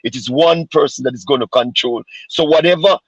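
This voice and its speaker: A Jamaican man who works as a street pastor talks earnestly on a live call, circling back over the same words as he finds his way. His voice is gravelly and husky. The sound is dry and dull, like a lo-fi recording. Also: mid-range voice, a little fast, no echo. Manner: repeats words while searching for them, earnest.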